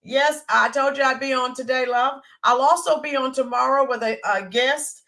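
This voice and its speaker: A woman hosts a casual live stream, talking straight to her viewers and greeting them by name as she goes. Her voice sits a little high and sounds bright and forward. She often stops for fillers and starts her sentences over. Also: normal speed. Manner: hesitant with fillers and restarts. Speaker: livestream host.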